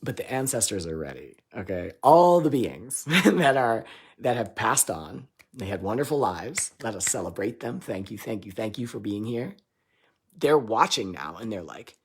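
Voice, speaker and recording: A man giving a live channeled reading, loose and irreverent, swearing and laughing between lines, swinging between loud declarations and quiet asides. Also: medium pitch, lively intonation, unhurried, breathy edge. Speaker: spiritual channeler.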